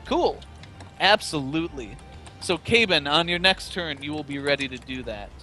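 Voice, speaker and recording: With a fairly high, bright, forceful voice and lively intonation, a game master narrates a tabletop session over voice chat at normal speed. His easygoing descriptions of scenes and rulings are full of fillers, and soft music plays behind him.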